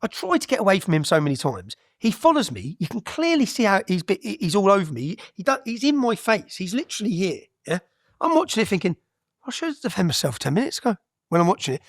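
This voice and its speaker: Blunt guy on a podcast, lively and a bit high, keeps tagging "yeah?" on everything. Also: fast talker, no room sound, studio quality. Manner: animated storyteller, tags sentences with "yeah?"; blunt, swears freely. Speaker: interview guest. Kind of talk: podcast interview storytelling.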